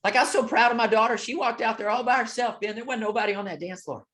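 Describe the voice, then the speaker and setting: A man coaching with a motivational talk, telling a story in an emphatic, preacher-like rhythm. He keeps asking "okay?" and moves between loud and soft. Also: high voice, fast. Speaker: real estate coach.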